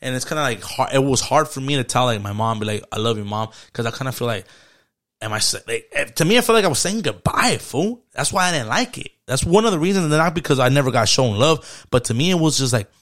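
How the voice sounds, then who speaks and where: A man's voice: medium pitch, lively intonation, quick pace, a bit bright. A man in his thirties chatting casually on a podcast, loose and slangy, dropping Spanish words into his talk. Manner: laid-back slang-heavy talk mixing in Spanish. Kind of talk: casual chat.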